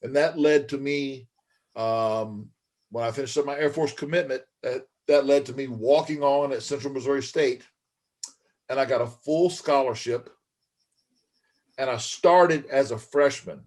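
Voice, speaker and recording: In a casual storytelling interview on a podcast, a middle-aged ex-pro wrestler rambles through long folksy tales, addressing his host as "man" and "brother." He speaks unhurriedly in a medium-pitched voice with a darkish tone.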